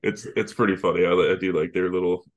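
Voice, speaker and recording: A man's voice: sits low, little pitch movement, fast talker, highs cut off. A man co-hosting a podcast in casual chat, recapping the plot at length with laughs and the odd swear word. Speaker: podcast co-host.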